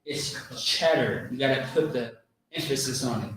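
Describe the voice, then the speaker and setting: A man teaching a religious class, coaching pronunciation with patient repetition and drawn-out sounds. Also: medium pitch, fairly bright tone. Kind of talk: pronunciation lesson. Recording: very echoey room, mic far off.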